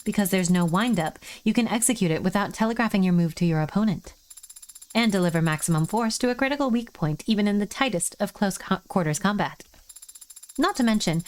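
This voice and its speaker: A woman's voice: mid-range voice, expressive, a little fast, a little mellow, natural voice. A woman voicing an earnest young woman eagerly explaining combat techniques.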